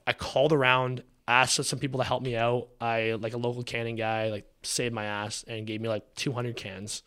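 Young man from Canada, guest storyteller: casual, animated, acts out quotes, swears freely. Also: medium pitch, moderate pace, clear, resonant tone. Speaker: podcast guest, drinks founder.

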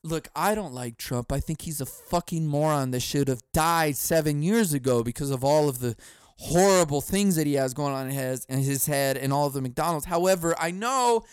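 A man hosting a comedy podcast, ranting in a profane, sarcastic, animated way. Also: fairly high pitch, moderate pace, clear, resonant tone, dry recording, clean studio sound. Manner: profane, sarcastic, animated, laughs at own jokes. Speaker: podcast host. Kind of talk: comedic rant.

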